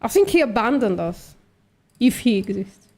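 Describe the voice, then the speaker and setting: A woman's voice: on the high side, sing-song, normal speed, darkish tone, a little hiss or hum. A woman hosting a live stream, debating bluntly and swearing, calling people sweetie. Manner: blunt, argumentative, swears, calls others sweetie. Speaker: streamer, vegan activist.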